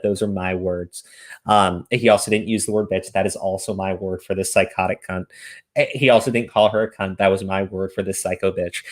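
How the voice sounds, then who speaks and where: A man ranting profanely in casual stream commentary. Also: fairly low pitch.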